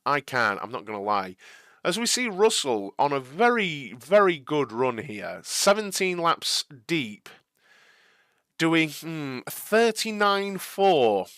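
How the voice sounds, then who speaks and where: A young man hosting a casual live stream, his fairly high, bright voice swinging up and down a lot as he talks. He answers viewers' chat messages earnestly, gets a little exasperated, and keeps tripping over and restarting his sentences. The sound is dry and close. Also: no room sound. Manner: halting, many restarts and repeated words.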